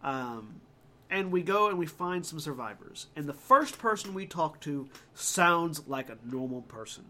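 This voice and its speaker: Rambling podcast man, slightly high voice. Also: lively intonation, measured pace, bright, forceful tone, slight background noise. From Georgia, USA. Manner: rambling, many fillers and restarts. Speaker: podcast host. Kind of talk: casual podcast chat.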